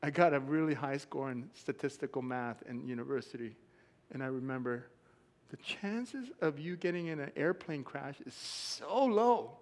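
Animated preacher in a reverberant hall. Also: male voice, mid-range voice, normal speed. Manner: animated storytelling, acts out quotes, laughs often. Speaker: pastor. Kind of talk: sermon. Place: church sanctuary.

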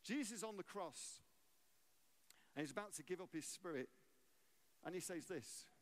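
High-voiced man preaching. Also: lively intonation, moderate pace. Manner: conversational, jokey, asks the audience questions. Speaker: guest preacher. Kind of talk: sermon.

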